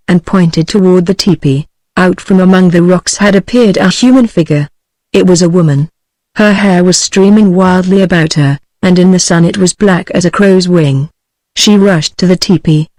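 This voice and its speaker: A synthetic text-to-speech voice of a woman with a British English accent, narrating a novel in a steady, even, machine-like delivery. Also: fairly low pitch, dry recording, low-quality recording. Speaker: audiobook narrator.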